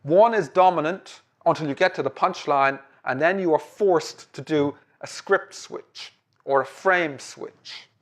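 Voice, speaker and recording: A man delivers a lecture in a conversational, loose manner. He fills pauses with ums and checks in with tag questions. His voice sits a little on the high side.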